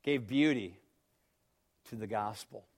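A man preaching a sermon, swinging from hushed phrases to loud, emphatic ones and asking his listeners questions. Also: lowish voice, takes it slowly, slightly rough.

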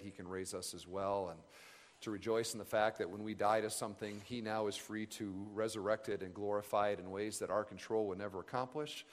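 A man giving an earnest, reflective sermon at a camp retreat, pausing and restarting as he speaks. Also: lowish voice. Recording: long reverb of a large hall.

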